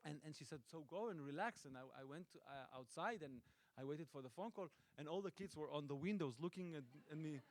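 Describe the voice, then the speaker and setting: A middle-aged Israeli man, a native Hebrew speaker and film director, answering audience questions with playful, deadpan jokes and frequent restarts. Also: fairly high pitch, brisk, no echo. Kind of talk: joking audience Q&A. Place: stage at a film festival event.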